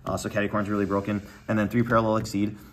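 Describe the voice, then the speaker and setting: A young man giving a casual deck breakdown, talking quickly with lots of fillers and going a little out of breath. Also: lowish voice, monotone, a little hiss or hum. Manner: quick, filler-heavy, trails off quietly. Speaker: deck profile presenter. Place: card tournament venue.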